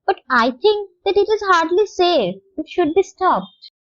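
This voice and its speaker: A woman's voice: extremely high pitch, big pitch swings, measured pace, a bit bright, no echo, pitched above the performer's own voice, full character voice. A woman reading a story aloud and voicing an earnest, worried young woman. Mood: concerned. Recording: dull lo-fi recording.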